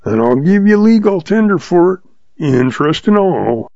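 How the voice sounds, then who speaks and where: A man's voice: high-pitched, sing-song, normal speed, creaky, mellow, no room sound, pitched above the performer's own voice, exaggerated voice. A man doing a sly, drawling old outlaw. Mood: calm, sly. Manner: patient, drawling, folksy. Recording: dull lo-fi sound.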